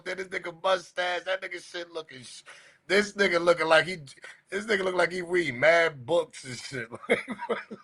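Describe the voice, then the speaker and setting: A man with a fairly high voice hosts a livestream and reacts to what he sees. He keeps breaking into laughter and shouting the same exclamations again and again. He talks loosely and casually. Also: normal speed, husky. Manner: breaks into laughter constantly, loud repeated exclamations. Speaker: livestream host.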